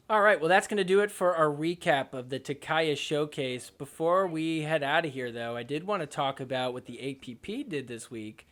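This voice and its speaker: A young man with a high-pitched voice hosts a sports podcast, talking over match footage. He recaps the games with a sarcastic, mocking edge and drops into quick put-on voices for the players. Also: a bit bright. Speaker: podcast host. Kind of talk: comedic sports recap commentary.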